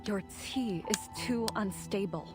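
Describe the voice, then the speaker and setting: An actress playing a calm, wise woman grandmaster who speaks in a measured, gently firm way, in game audio. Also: medium pitch, natural voice. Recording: game audio with background music.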